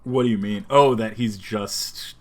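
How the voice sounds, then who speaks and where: A man co-hosting a casual streamed podcast, rambling and animated, often slipping into quick voice impressions. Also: fairly low pitch. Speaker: podcast co-host. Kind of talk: casual chat. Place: home streaming setup.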